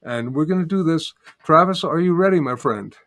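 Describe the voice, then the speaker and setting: Calm, patient older man guiding humming. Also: a little high, normal speed. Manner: calm, patient, repeats steps and demonstrates by humming. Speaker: sound healing teacher, guest. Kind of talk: guided instruction in an interview.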